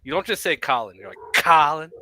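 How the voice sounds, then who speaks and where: A man's voice: medium pitch, lively intonation, brisk, bright, forceful tone. A man hosting a live stream, chatting casually with friendly, teasing asides. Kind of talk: casual chat.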